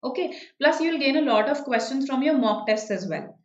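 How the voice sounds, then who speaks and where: A woman with an Indian English accent teaches an online exam-prep class, answering students one by one. Her voice sits a little high, and she keeps checking in with "okay" and "right." The sound is roomy and slightly muffled. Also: animated, moderate pace.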